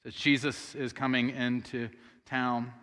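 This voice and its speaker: This pastor's voice is medium in pitch, level and a little slow, with a fairly bright quality. He delivers a sermon in a church sanctuary, narrating a story with earnestness and speaking aloud what the sisters said, all under long hall reverb.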